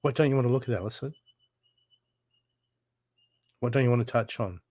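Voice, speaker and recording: A man's voice: mid-range voice, moderate pace, a little mellow, no room sound. A man giving a live intuitive reading, blunt and urgent, swearing freely as he presses the listener to heal. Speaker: spiritual reader.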